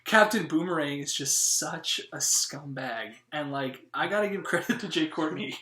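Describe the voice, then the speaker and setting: A man's voice: fairly high pitch, lively intonation, normal speed, sharp tone. A man co-hosting a movie review show, talking in a casual, rambling way and laughing often. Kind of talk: casual podcast chat. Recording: echoey room.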